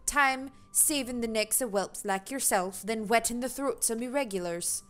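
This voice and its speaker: A woman voicing a gruff male seafaring innkeeper in a shaky put-on brogue, reading game dialogue aloud. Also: a little high, expressive, moderate pace, a bit bright. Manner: wobbly put-on pirate-style brogue.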